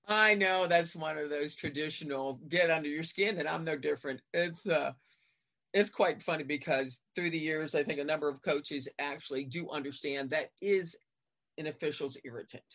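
A woman in her fifties, a veteran basketball referee, chatting in an interview and acting out her exchanges with coaches in lively retellings. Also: deep voice, normal speed. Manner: animated storyteller acting out court exchanges. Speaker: basketball referee, podcast guest. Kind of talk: casual interview chat.

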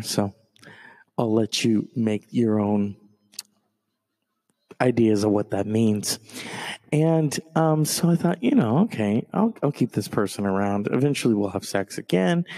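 A man doing stand-up storytelling, profane and animated, jumping from loud outbursts to low mutters.

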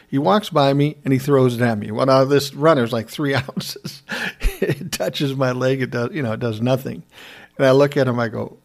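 A middle-aged man casually telling a personal story, wry and often laughing as he goes. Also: on the high side. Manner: wry, laughing, self-described smart aleck.

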